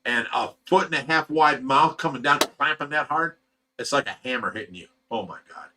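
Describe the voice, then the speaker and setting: Bright-voiced man chatting on a livestream. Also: mid-range voice, a little fast, slight background noise. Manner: loose, chuckling, blunt and animated storyteller. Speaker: fish rescue host reading viewer comments. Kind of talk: casual livestream chat.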